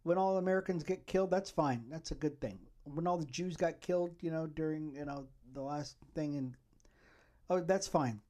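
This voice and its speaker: A man's voice: on the high side, normal speed, warm tone, close to an everyday voice. A man mockingly voicing a callous male commentator in an exaggerated paraphrase.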